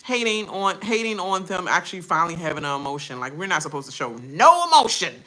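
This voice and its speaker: A woman hosting a reaction channel, ranting in a casual, animated way and mimicking people in quoted voices. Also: fairly low pitch, fast talker, a little hiss or hum.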